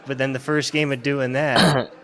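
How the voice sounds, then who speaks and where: A man's voice: mid-range voice, level tone, moderate pace, bright, forceful tone. A man co-hosting a book podcast, asking questions and laughing as he talks through the story. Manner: questioning, laughs often, swears. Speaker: podcast co-host. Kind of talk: casual book discussion.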